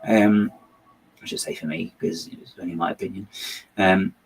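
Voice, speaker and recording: Wry, rambling man, lowish voice. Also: steady tone, moderate pace, gravelly, a little hiss or hum, rough recording. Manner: rambling, hesitant, wry and opinionated. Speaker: host of a building channel. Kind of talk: casual chat while building.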